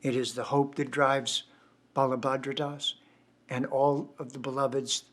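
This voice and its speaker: A man's voice: mid-range voice, little pitch movement, a little slow, fairly bright tone. An older man, a poet, giving reflective, devotional closing remarks at a poetry night.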